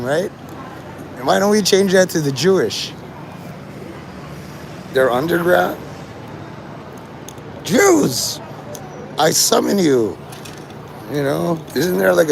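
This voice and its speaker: A man streaming from a city street talks to his chat, rambling, swearing, and free-associating. His voice is on the high side, gravelly and strained, which he says is just how he sounds, and the audio has a little hiss or hum.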